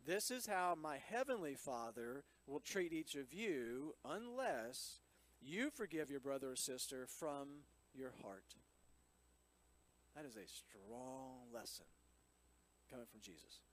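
A man's voice: on the high side, low-quality recording. A man reading scripture aloud and explaining it in a chatty teaching style, with frequent asides to his listeners. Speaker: Bible teacher.

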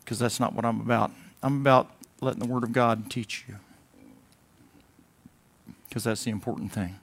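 Man, pastor, preaching a sermon, chatty, loud bursts and quiet asides, mid-pitched voice. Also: fairly even intonation, normal speed, long pauses, husky. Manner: conversational, swings between loud emphatic bursts and quiet asides; mimics whining voices in a comic way.

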